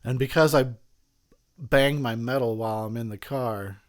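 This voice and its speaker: Drunk guy, film commentary host, rambling and profane, laughing a lot, mid-pitched. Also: moderate pace.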